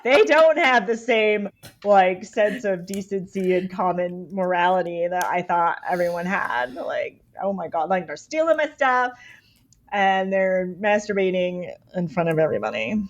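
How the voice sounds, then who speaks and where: A woman guest on a podcast telling a story in a casual, animated way, peppering her talk with "like". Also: lowish voice, a little slow, highs cut off. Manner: animated, fills speech with "like".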